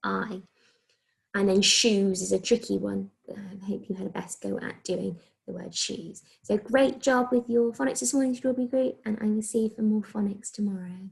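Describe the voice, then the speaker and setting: A woman with an English accent, a primary school teacher giving a recorded phonics lesson to young children, speaking slowly and clearly as she sounds out letters. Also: medium pitch, steady tone. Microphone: recorded video lesson.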